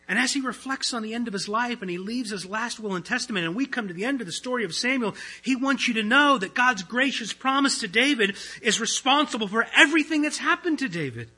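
Bright, husky-voiced man preaching. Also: very high-pitched, expressive, fast, few pauses, low-quality recording. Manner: earnest, conversational preaching with swings between loud and hushed. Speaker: pastor. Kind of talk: sermon. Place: church.

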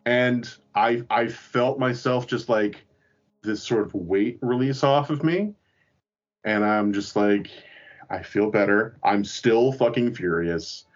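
A man's voice: fairly low pitch, slow, highs cut off. A man casually telling a long, rambling, profane story about his trip, poking fun at himself. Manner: rambling, profane, self-mocking. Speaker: podcast co-host.

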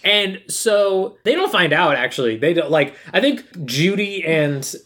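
A woman co-hosting a casual podcast, talking through a film scene by scene. Her pitch sits mid-range but swings widely as she acts out characters' lines. She keeps a sarcastic, laughing tone throughout. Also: animated, measured pace, a bit bright. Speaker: podcast co-host. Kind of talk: casual chat recapping a film.

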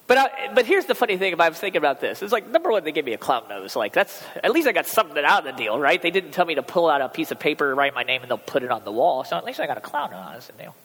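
A man preaching a sermon as pastor, telling everyday stories in a chatty, animated way. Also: a little high, fast. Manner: conversational storytelling, animated asides. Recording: long hall reverb.

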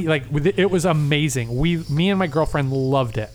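Excitable swearing man telling a story. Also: a little high, fairly quick, few pauses. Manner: excitable storyteller, heavy swearing, acts out quoted dialogue. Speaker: podcast co-host. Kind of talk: casual chat.

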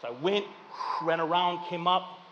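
A man in his thirties preaches to a congregation, his voice high and bright as it rings through a reverberant hall. He tells personal stories with animated energy, swinging between loud punchlines and quiet, reflective moments. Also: normal speed, lo-fi sound, a little hiss or hum. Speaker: pastor.

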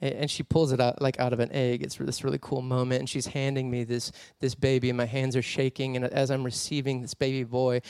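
A man preaching a sermon as a personal story, animated and laughing often as he tells it. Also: mid-range voice, fairly quick, creaky, few pauses, smooth, no echo, clean studio sound.

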